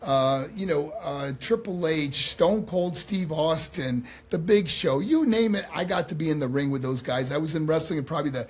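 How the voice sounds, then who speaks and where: A man in his sixties from New York, a guest on a podcast, telling animated stories and acting out the quotes. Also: fairly high pitch, normal speed, few pauses, slightly rough. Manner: animated, acts out quotes, laughs often. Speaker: guest, former pro wrestler. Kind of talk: storytelling in a podcast conversation.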